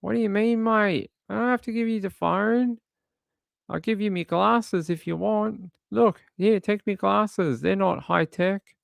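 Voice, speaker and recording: A man's voice: measured pace, creaky, dry recording, studio quality, exaggerated voice. A man voicing a panicked man who protests and dodges questions from police. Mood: flustered protest. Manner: flustered, protesting, high-pitched.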